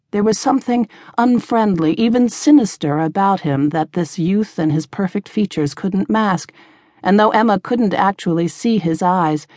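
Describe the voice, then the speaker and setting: Low-voiced woman narrating a novel. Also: darkish tone, dry recording, studio quality. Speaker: audiobook narrator. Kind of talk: scripted narration.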